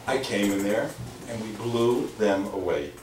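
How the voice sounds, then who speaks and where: A man's voice: lowish voice, measured pace. Rabbi guy spinning a story, drops yiddish and hebrew words everywhere, sounds distant w faint hiss behind. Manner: animated storyteller mixing in Hebrew and Yiddish terms; emphatic, repeats key phrases. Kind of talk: storytelling lecture. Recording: echoey hall from far off, faint noise.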